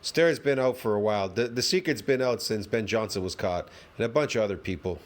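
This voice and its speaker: Sarcastic rambling male reaction host. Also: fairly quick. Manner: sarcastic, rambling, trails off into low mutters. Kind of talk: casual reaction commentary.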